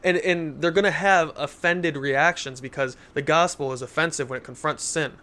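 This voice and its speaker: A man's voice: fairly high pitch, normal speed, pushed and bright. A young man in casual Christian podcast talk, earnest and telling stories to make his point. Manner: earnest, storytelling with acted quotes.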